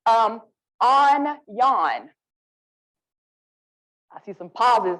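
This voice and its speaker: A woman with an Alabama Southern accent, leading a lively, interactive literacy workshop and coaxing the audience to join in. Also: fairly high pitch, normal speed, pauses often, low-quality recording. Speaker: literacy presenter.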